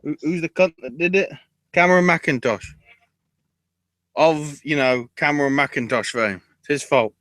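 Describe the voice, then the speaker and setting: A man co-hosting a casual wrestling recap podcast, excitable and profane, often laughing. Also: on the high side, normal speed, no echo. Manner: excitable, profane, breaks into laughter and mock voices. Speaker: podcast co-host.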